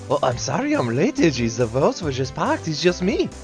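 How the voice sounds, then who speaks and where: A man's voice: a little high, huge pitch swings, normal speed, music in the background. A man voicing a jolly, boisterous older male police chief in a game reading, swapping comic accents as he goes. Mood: hammy.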